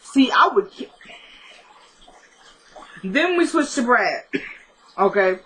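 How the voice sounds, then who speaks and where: A woman's voice: on the high side, animated, takes it slowly, a bit bright, a little hiss or hum, low-quality recording. A woman casually recapping a TV episode, acting out the characters' lines and adding blunt asides. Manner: chatty retelling that acts out the characters' dialogue; blunt asides with mild swearing.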